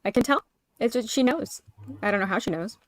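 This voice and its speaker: A woman co-hosting a casual livestream chat, chatty and giggly with quick asides. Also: on the high side, lively intonation.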